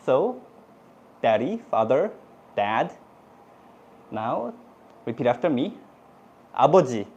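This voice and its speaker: A middle-aged man with a Korean accent, whose first language is Korean, teaching Korean words to a class in a lively way. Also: medium pitch, takes it slowly, muffled recording. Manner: animated, switches into cute playful put-on voices for examples.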